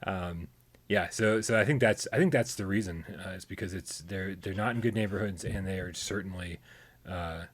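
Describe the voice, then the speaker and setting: A man's voice: deep voice, normal speed. A man co-hosting a live gaming stream, chatting loosely with self-deprecating jokes and many restarts. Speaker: podcast co-host. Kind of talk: casual chat on a live stream.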